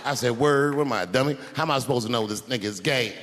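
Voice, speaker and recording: A man telling a profane stand-up story, swinging between loud outbursts and hushed mumbles. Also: medium pitch, animated, fairly quick, hardly any pauses, a little hiss or hum. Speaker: stand-up comedian.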